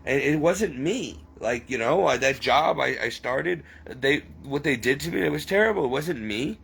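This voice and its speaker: A man with a gravelly, creaky voice talks through a personal confession. His speech is rambling and halting, often near tears, with a faint hiss of noise behind him. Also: mid-range voice, expressive, fairly bright tone, rough recording.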